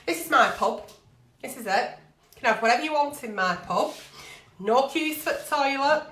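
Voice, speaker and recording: A woman's voice: high voice, lively intonation, moderate pace, a bit bright, reverberant. A woman hosting a live advice show, talking bluntly and swearing freely. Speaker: agony aunt show host. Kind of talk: live-streamed advice chat.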